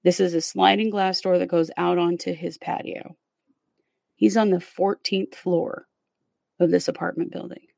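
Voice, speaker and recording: A woman's voice: on the low side, fairly even intonation, moderate pace, creaky, darkish tone, dry recording. A woman hosting a podcast, telling a true crime case in a casual, step-by-step way with fillers. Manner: conversational, recounts events step by step with fillers.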